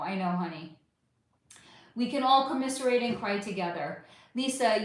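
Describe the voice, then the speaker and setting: A woman's voice: on the high side, a bit bright. An American woman hosting a livestream, chatting casually with viewers and reading out their comments, affectionate and swearing freely as she calls them honey. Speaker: livestream host. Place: at home under a bright light. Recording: very echoey room.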